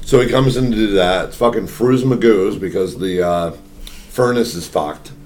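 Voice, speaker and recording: A man's voice: on the low side, normal speed. A young man hosting a podcast, telling a rambling story in casual chat, swearing constantly. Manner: profane, rambling, animated storyteller. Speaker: podcast host.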